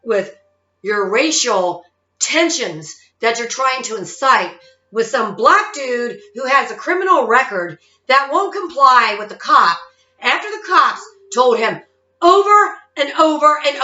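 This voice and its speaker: Woman, 50s, vlogger monologue; emphatic, lively pitch, echoey lo-fi recording. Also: unhurried. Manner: emphatic, keeps tagging lines with okay? and all right?. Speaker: psychic-medium vlogger. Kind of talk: casual monologue rant. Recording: roomy, dull lo-fi sound.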